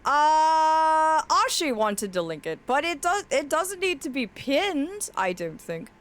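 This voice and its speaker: A woman's voice: high-pitched, big pitch swings, takes it slowly. A woman streaming, chatting casually and affectionately with her chat, her voice cracking now and then. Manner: affectionate, reads chat aloud, often laughs.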